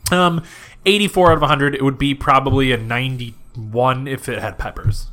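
A man's voice: medium pitch, moderate pace. A man co-hosting a podcast, joking and laughing in casual chat. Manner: joking, lively, laughs often. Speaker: podcast co-host.

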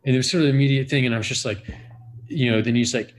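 A man's voice: medium pitch, steady tone, racing. A man in his forties, a podcast guest, telling a profane, rambling story full of "like" fillers. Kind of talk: casual storytelling.

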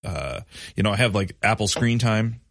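A man's voice: on the low side, animated, normal speed, creaky, a bit bright, no room sound, studio quality. A man in his thirties co-hosting a casual podcast, rambling with many fillers and restarts. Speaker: podcast co-host. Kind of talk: casual chat.

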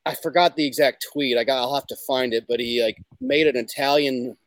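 A man's voice: medium pitch, fairly even intonation, fairly quick, dry recording. A man chatting as a guest on a comedy podcast, rambling with many "like"s. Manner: rambling, heavy use of "like". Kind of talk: casual comedic chat.

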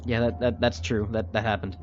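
A man's voice: on the low side, little pitch movement, brisk, muffled recording, faint music behind, lightly acted. A man voicing a nervous male guard who stammers and hesitates.

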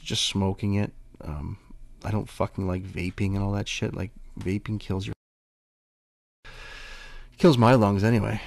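A man's voice: lowish voice, creaky, darkish tone, no room sound. A man hosting a casual solo podcast, rambling in a laid-back way and swearing freely. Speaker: podcast host.

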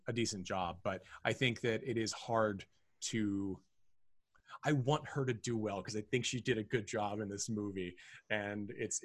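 A man's voice: lowish voice, a bit bright, no room sound. Rambling male podcast co-host. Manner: rambling, many restarts and fillers. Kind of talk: casual film review chat.

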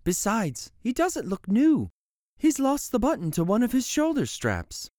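A weary mother from a bedtime storybook, patient and sighing, as a man puts her on. The voice is lifted and soft, with a gentle, tired edge. It is dry and close. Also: extremely high pitch, wildly swooping pitch, unhurried, no echo, pitched above the performer's own voice, exaggerated voice.

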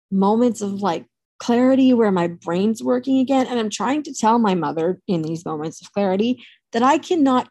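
A woman telling a personal story to camera in a candid, animated way, swearing freely. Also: medium pitch, dry recording.

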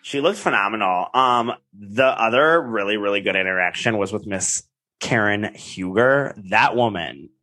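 A young man co-hosting a podcast, excitedly recounting meetings and quoting others with casual swearing. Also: on the low side, normal speed, no echo. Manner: excited storytelling, quotes others, swears freely. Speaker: podcast co-host. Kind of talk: casual chat.

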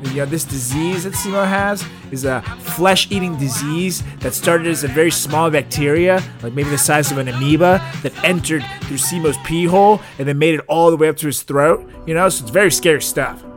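Teasing higher-voiced male podcast host. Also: fairly quick, over music. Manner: loud, teasing, playful roasting. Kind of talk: casual comedic chat.

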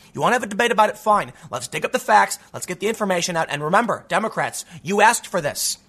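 A man's voice: high-pitched, pushed and bright, slightly rough. A man from the US Midwest giving a heated, sarcastic opinion monologue as a political commentator, reading news excerpts aloud and often restarting his words. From Chicago, US.

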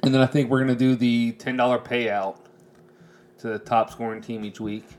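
A man's voice: mid-range voice, fairly even intonation, moderate pace, a little mellow. A man co-hosting a podcast, chatting casually about football and fantasy league rules, laughing easily and rambling as he explains. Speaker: podcast co-host. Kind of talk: casual chat.

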